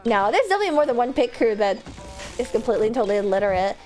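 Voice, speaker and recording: A woman chatting casually while she streams a game, excitable, laughing and swearing freely. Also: a little high, racing, soft background music. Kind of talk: casual live-stream gameplay chat.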